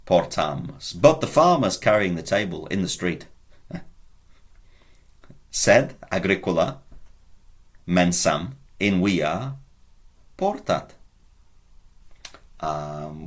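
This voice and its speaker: A man with a fairly low voice teaches Latin in a video lesson. He talks slowly and patiently, repeating each word. His pitch rises and falls a great deal as he coaxes the learner along. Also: animated.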